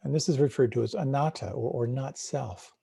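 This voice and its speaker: A man's voice: medium pitch, a little fast, creaky, warm tone, husky, dry recording. A middle-aged man giving a live meditation talk, reflective, asking questions aloud and circling back on his words. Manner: reflective, asks questions aloud, repeats words when restarting. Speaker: meditation teacher.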